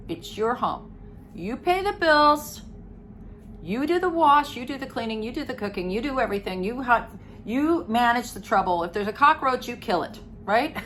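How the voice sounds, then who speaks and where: Animated woman giving blunt recovery advice. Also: a little high, slight background noise. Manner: emphatic, animated, acts out quoted family members. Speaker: codependency recovery coach. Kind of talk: direct-to-camera advice talk.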